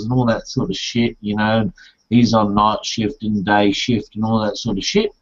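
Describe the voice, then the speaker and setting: Heard through muffled, low-fidelity audio, a male host rambles through stories in a casual chat, joking around and swearing often. His intonation stays fairly even and his speed is normal.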